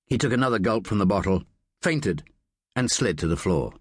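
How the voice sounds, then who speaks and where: A man narrating a thriller audiobook in a measured, expressive storytelling manner on a close studio mic. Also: lowish voice, slightly rough, no room sound.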